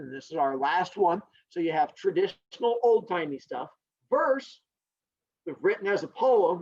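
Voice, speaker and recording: A man teaching a class, explaining and telling a story in a playful, jokey way. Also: a little high. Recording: dull lo-fi recording.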